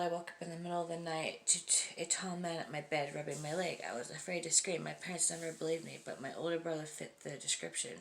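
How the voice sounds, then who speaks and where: Low creaky-voiced woman reading creepy stories out loud, laughs a lot, mutters little whispered asides. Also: a little hiss or hum. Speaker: host.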